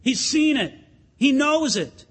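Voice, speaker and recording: A man's voice: very high-pitched, very animated, takes it slowly. A pastor preaching a sermon in an earnest, emphatic way, addressing his listeners as friends in a church sanctuary. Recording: long hall reverb.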